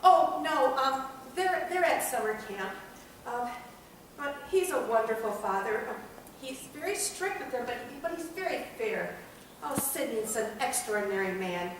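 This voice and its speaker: A woman's voice: a little high, animated, measured pace, slight background noise. A woman on stage playing a fussy, fragile housewife who talks in hesitant, fluttery bursts. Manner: fluttery, hesitant, with many ums and ohs. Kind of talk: stage comedy acting. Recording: echoey stage from far off.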